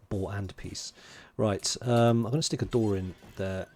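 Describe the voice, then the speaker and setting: A man's voice: fairly low pitch, fairly even intonation, a little slow, a little mellow. A man from London, streaming a game, chatting casually, muttering to himself while he plays and greeting viewers in chat. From England (London). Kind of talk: casual livestream commentary.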